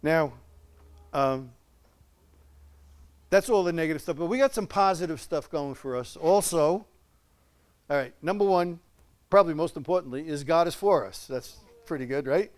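A man's voice: fairly high pitch, lively intonation, moderate pace, pauses often. An older man preaching a conversational sermon, folksy and chuckling, often asking his listeners questions.

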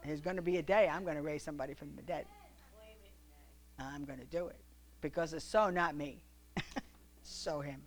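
A preacher reading scripture aloud and telling lively stories to a congregation, often laughing. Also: female voice, low voice, moderate pace, pauses often. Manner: animated, laughing storyteller.

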